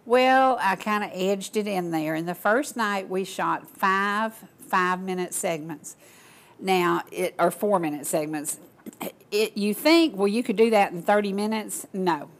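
Older woman, local talk show host, gushing, folksy, casual chat, mid pitch. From Georgia, US. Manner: gushing, folksy, addresses audience as y'all.

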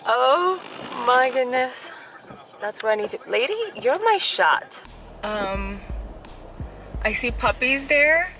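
Young female vlogger, giddy and animated, higher-pitched, music bed underneath. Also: slow pace. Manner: bubbly and giddy, swinging between hushed asides and squeals. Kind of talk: excited casual vlog.

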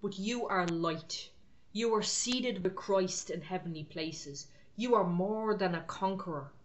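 A woman's voice: lowish voice, unhurried, slight background noise. Woman preaching in short exhortations. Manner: exhorting, repeats short phrases. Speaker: online preacher. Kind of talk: prophetic encouragement sermon.

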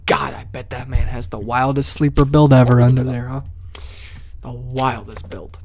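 Brief: male let's-player, mid-pitched, jokey and profane, lurches between yelling bursts and low muttering. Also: normal speed. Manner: joking, swearing, swings from loud outbursts to mumbling; talks to in-game characters and chat. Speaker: let's play streamer. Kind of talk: live gameplay commentary.

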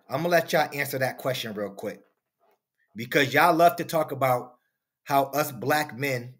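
A man's voice: medium pitch, fairly bright tone. A man hosting a reaction commentary video, preaching and firing off rhetorical questions. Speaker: commentary channel host.

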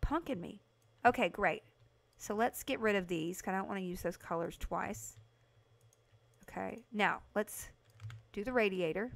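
Woman, game streamer, casual chatty commentary, talks to chat, excited outbursts. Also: medium pitch, normal speed, gravelly, pauses often. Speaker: livestream host playing a video game.

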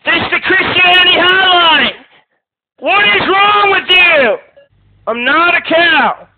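A man hosting a comedic livestream hotline, breaking into frantic shouting outbursts between soft, pleading stretches. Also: extremely high pitch, slow. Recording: tinny phone-quality lo-fi audio.

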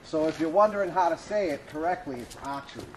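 A man's voice: on the high side, fast, darkish tone, a little hiss or hum. Joking Boston man vlogging outdoors. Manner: chatty, joking, addresses viewers as folks. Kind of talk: casual vlog to camera. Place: outdoors at a campground and archery range.

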